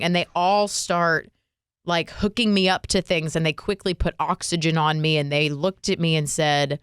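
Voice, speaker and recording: Low-voiced woman telling a personal story. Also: moderate pace, smooth, dry recording, studio quality. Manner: emotional, animated retelling with frequent fillers. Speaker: radio and podcast co-host. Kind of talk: casual conversational storytelling.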